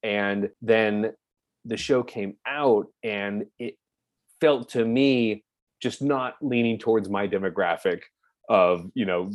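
A man's voice: fairly low pitch, slow pace, no echo. A young man, an actor as a guest, talking casually about his past, laughing often and acting out what others said. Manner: relaxed, laughs often, acts out voices of others. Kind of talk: casual interview chat.

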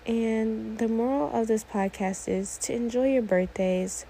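Her voice sits on the high side here, gravelly yet warm, with a steady tone and measured pace. This eighteen-year-old podcast host, a bit teary, wanders through a solo monologue packed with "like"s and frequent detours. The rough recording carries a little hiss or hum.

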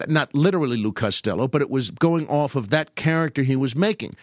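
Speaking a little fast, this older podcast host delivers a casual storytelling monologue about old comedy. He's animated and keeps dropping into high, put-on voices as he quotes old comedians, captured in studio quality with no room sound.

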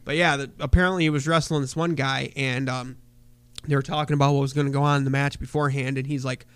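A man's voice: medium pitch, fast talker, clear, resonant tone, dry recording. Man, podcast co-host, casual storytelling, profane, dry close sound. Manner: animated, profane, filler-heavy storytelling.

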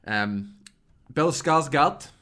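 A man's voice: on the high side, animated, very slow, pushed and bright. A man co-hosting a podcast, running through the cast in informal, jokey chat. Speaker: podcast co-host. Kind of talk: casual chat.

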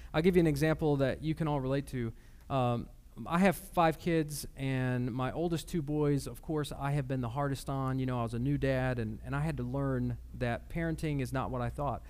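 Emphatic pastor, slightly high voice. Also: male voice, darkish tone. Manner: conversational, emphatic, personal storytelling. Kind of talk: sermon.

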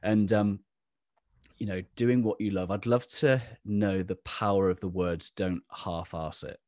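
Man, interview host, very low voice, dry close sound, earnest and encouraging. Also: fairly even intonation, a little slow, dry recording. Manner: earnest, encouraging, many soft affirmations. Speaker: podcast host. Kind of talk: interview hosting.

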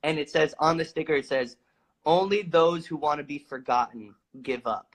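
A man casually telling a long, animated story, swearing freely and acting out the lines he quotes. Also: on the high side, normal speed, poor audio.

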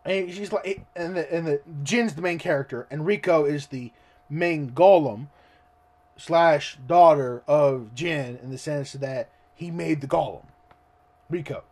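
A man reading a story aloud and ranting about it in excitable, profane commentary. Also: fairly high pitch, measured pace. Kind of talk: ranting read-along commentary.

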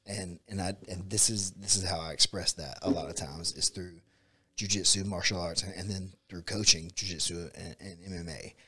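Low-voiced man, easygoing martial arts coach, loose chatty delivery. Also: moderate pace, slightly rough. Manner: relaxed, rambling, says "dude" and "like" a lot. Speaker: jiu-jitsu and MMA coach. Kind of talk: casual conversation.

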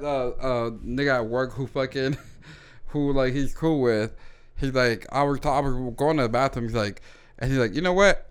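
A man's voice: mid-range voice, clear, resonant tone. A young man casually chatting as a podcast co-host, rambling and laughing through a profane story. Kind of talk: casual chat.

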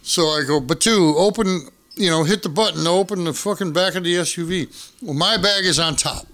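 A man telling a wild travel story as a podcast guest, profane and animated, acting out what people said. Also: high-pitched, a little fast. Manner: profane, animated, acts out quotes. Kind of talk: casual storytelling.

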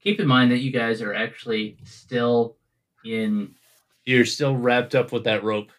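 A man narrating a tabletop game as game master, relaxed and filling pauses with ums. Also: mid-range voice. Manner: relaxed storytelling with frequent fillers.

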